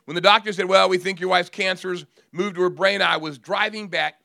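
A middle-aged male pastor preaching a sermon, swinging from hushed, drawn-out phrases to loud, emphatic declarations. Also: high-pitched, steady tone, vocal fry, no room sound, studio quality.

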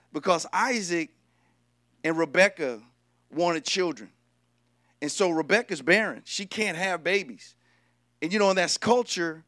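A male preacher giving a lively, humorous sermon and talking directly to the congregation. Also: high-pitched, dry recording, clean studio sound.

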